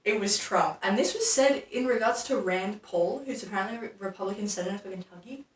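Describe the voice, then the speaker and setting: A woman's voice: medium pitch, fast talker, slight background noise. Wry Australian woman, echoey and distant. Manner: chatty, wry, swears freely. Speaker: host of a quiz video. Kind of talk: casual quiz commentary. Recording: echoey room, mic set back.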